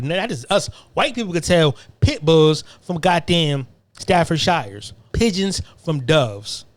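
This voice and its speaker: A man's voice: a little high, dry recording. Profane ranting man, dry close sound. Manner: profane, confrontational, repetitive. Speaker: podcast host. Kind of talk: ranting monologue.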